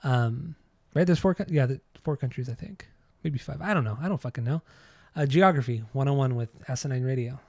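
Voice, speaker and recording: A man's voice: medium pitch, brisk, creaky, a little mellow, no room sound. Rambling American man on a podcast. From United States. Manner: rambling, laid-back, trails off unsure. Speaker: podcast co-host. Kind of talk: casual chat.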